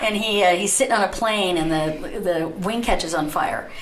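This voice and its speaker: A middle-aged woman hosting a talk radio show, telling a story in a lively, chatty way and often breaking into laughter. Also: on the low side, moderate pace, a crowd in the background. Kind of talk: casual talk radio monologue. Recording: roomy echo.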